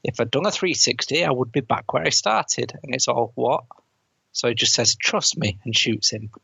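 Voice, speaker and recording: A man's voice: medium pitch, lively intonation, normal speed, gravelly, pushed and bright, breathy edge, no echo. A man co-hosting a podcast who retells a film's plot in casual chat, laughing and quoting lines as he goes. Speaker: podcast co-host. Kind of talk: casual film review chat. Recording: dry, dull lo-fi podcast mic.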